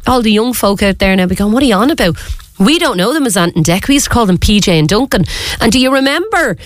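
A woman's voice: medium pitch, very animated, fast talker, no echo. An Irish woman hosting a radio show in casual chat, chatty and rambling, often stopping to correct herself. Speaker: radio host. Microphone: studio microphone.

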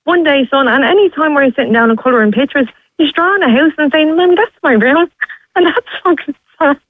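A woman's voice: sits high, expressive, fast, dry recording. A young Irish woman calling into a radio show, talking urgently and pleading, repeating herself. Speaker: radio caller. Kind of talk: emotional phone-in call. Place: outdoors waiting outside a hospital. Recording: tinny phone line.

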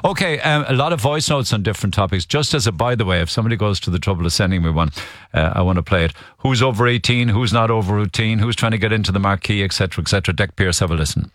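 A man's voice: sits low, racing, dry recording, clean studio sound. A man with an Irish accent hosting a radio phone-in, chatting and joking with callers. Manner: chatty, jokey, wondering aloud. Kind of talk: casual radio chat.

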